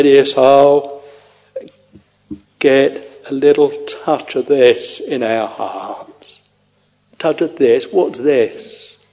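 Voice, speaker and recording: A man preaching a sermon, tenderly addressing his listeners in a slow, intoning way. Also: mid-range voice, gravelly, dark tone. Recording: long reverb of a large hall.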